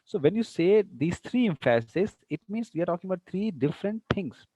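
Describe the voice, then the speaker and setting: A man's voice: high-pitched, animated, brisk, noisy background. A man teaching an online class, repeating example sentences and often checking that students follow. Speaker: English teacher.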